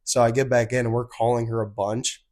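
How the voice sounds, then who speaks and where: A young man with a hoarse voice from being sick, telling a story in a casual podcast chat, animated and swearing freely. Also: mid-range voice, a little fast. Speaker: podcast co-host.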